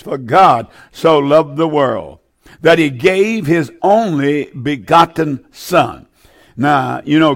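An older man preaching a sermon, fervent and repetitive, dwelling on each verse. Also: a little high. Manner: fervent, repeats key phrases, draws out verses.

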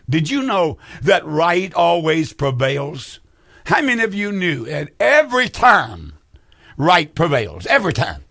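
A man's voice: a little high, huge pitch swings, a little slow, gravelly, a bit bright, no room sound. Fervent preacher man, dry sound. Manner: fervent preaching with repeated rhetorical questions. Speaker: pastor. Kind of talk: radio call-in sermon.

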